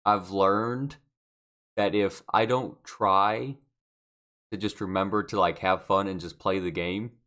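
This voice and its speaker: Male co-host with a lowish voice. Relaxed and halting in casual banter. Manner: laid-back, hesitant, lots of "like". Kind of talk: casual chat.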